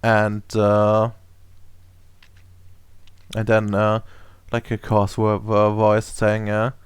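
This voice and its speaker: A man with a low voice narrates a tabletop game. He stops and starts, filling gaps with fillers. The sound is dry, with no room behind it. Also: monotone, smooth, no echo. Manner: halting, many fillers and restarts. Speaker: game master.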